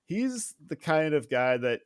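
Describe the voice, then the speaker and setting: A man narrating a tabletop mystery game as game master, halting and full of fillers, laughing often. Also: fairly high pitch, big pitch swings, smooth, no echo, studio quality.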